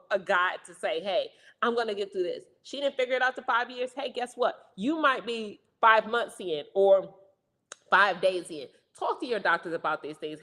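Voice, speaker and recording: A young woman co-hosting a casual talk show, talking fast and loudly in an animated, energetic way. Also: medium pitch, big-room sound. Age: young adult. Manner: fast, loud, animated talker. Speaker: co-host, stroke survivor. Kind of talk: casual chat.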